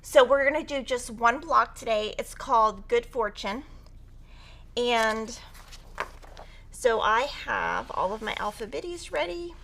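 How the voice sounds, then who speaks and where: Bright, chatty woman teaching quilting. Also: a little high, animated, unhurried, creaky. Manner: chatty and upbeat, talking while cutting fabric. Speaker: quilting instructor. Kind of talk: live-stream sewing tutorial.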